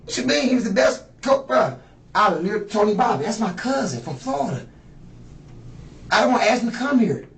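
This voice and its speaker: His high voice swings widely in pitch, a little fast and a bit bright, as this man in his fifties, questioned as a suspect, rambles, brags and curses. He's heard in an echoey interrogation room through a distant mic with faint noise.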